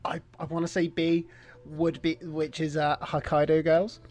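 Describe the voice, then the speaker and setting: A man co-hosting a podcast in casual chat, animated and laughing, swearing freely. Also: a little high, unhurried. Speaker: podcast co-host.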